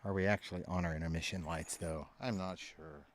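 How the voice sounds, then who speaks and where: A man's voice: deep voice, steady tone, a little fast, slight background noise. A man hosting his band's live stream in casual chat, rambling with many fillers and frequent laughs. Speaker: band member and stream host.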